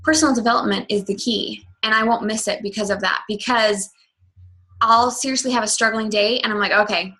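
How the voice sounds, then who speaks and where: A woman's voice: a little high, a little fast, rough recording. A woman hosting a coaching webinar, talking casually and upbeat about motivation. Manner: upbeat, animated. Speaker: fitness coach and webinar host.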